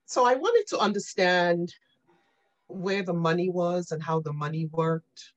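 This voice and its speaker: A woman being interviewed on a podcast, telling animated stories about her career and often checking in with "right?" and "you know". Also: on the low side, unhurried, dull audio. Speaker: guest.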